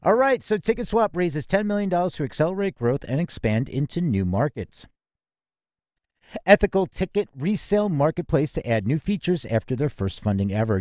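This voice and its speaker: A man's voice: mid-range voice, darkish tone, dry recording, studio quality. A man hosting a casual music industry news chat, reading headlines and then riffing loosely with plenty of fillers. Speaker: podcast host.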